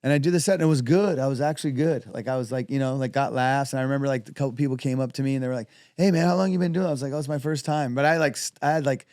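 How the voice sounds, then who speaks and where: A man's voice: medium pitch, steady tone, racing, few pauses, darkish tone, smooth, no room sound, clean studio sound. A young man, a comedian guest, chatting loosely and casually with lots of fillers. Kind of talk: casual chat.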